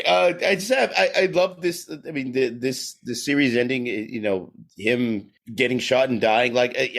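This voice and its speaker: Brief: male podcast co-host, a bit high, gravelly, animated and profane. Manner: profane, animated, laughing while ranting. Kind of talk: casual chat.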